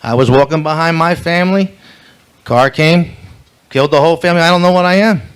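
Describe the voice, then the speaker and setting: A man's voice: on the high side, a little fast, clean tone, lightly acted. A man voicing a grieving male duck in a told joke, speaking plainly as a storyteller. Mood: lost.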